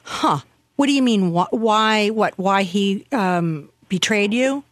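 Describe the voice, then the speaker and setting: A woman's voice: mid-range voice, expressive, slow, no echo, studio quality. Hesitant woman hosting a radio talk show. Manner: hesitant, with many "um"s and restarts. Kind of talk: radio interview.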